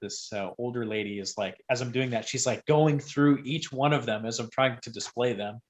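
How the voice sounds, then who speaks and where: A man who is a guest on a podcast, telling a story casually and rambling, with sudden loud bursts when he acts out quotes. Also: medium pitch, normal speed.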